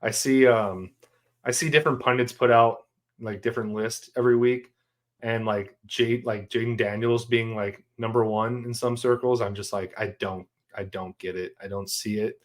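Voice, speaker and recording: A podcast co-host with a mid-range voice and moderate pace chats casually about sports. He's animated and joking, and his sentences trail off into fillers.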